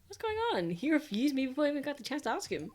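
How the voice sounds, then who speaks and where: A woman's voice: high voice, big pitch swings, very fast, darkish tone, pitched above the performer's own voice. A woman voicing an earnest young male defense attorney in a video game, questioning and a bit exasperated. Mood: puzzled. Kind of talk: reading game dialogue aloud.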